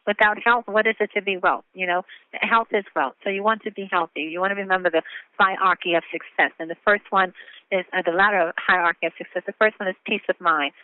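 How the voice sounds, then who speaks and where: A man's voice: high voice, steady tone, a little fast, smooth, no room sound. A man hosting a motivational conference call, upbeat and encouraging in a sermon-like way. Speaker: host. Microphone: phone. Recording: phone line.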